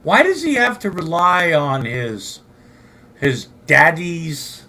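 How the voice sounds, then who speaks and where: A man's voice: high-pitched, huge pitch swings, measured pace, pushed and bright. An older man from Southern California hosting a late-night livestream, rambling profanely and answering his chat. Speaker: livestream host.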